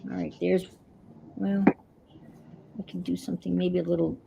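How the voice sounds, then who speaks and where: Slow, gravelly woman chatting while crafting. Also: on the low side, flat delivery, noisy background. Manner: chatty, mutters to herself as she works. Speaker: craft livestream host. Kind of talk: casual chat while crafting.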